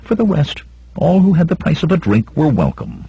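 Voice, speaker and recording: Guy reading an audiobook, dramatic, really raspy, dry close sound. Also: on the high side, huge pitch swings, normal speed, dry recording, lo-fi sound. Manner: dramatic, voices shouts of characters. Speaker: audiobook narrator. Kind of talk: scripted narration.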